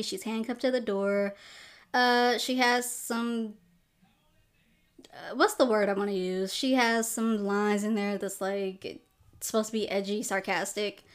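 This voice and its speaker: A young adult woman hosting a podcast, giving a casual, rambling movie review full of "like" fillers. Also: medium pitch. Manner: chatty, rambling, lots of "like" fillers. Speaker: podcast host. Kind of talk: casual film review commentary.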